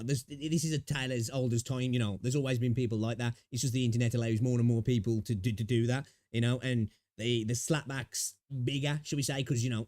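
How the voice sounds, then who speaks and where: A man's voice: mid-range voice, warm tone, no echo. A man streaming live, chatting casually in a rambling, sweary way on a close desk mic. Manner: rambling and sweary, many fillers.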